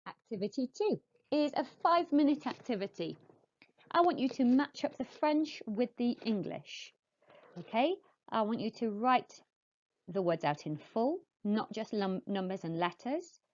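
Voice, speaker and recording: A woman teaching French to young pupils, modelling each word slowly and clearly and explaining in patient, encouraging teacher talk. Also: fairly high pitch, expressive, darkish tone, dull audio. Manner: slow, clear modelling of words for pupils to repeat. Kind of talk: recorded classroom lesson.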